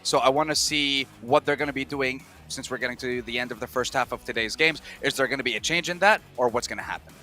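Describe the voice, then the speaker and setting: A man giving measured esports analysis at a desk. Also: mid-range voice, sharp tone, soft background music.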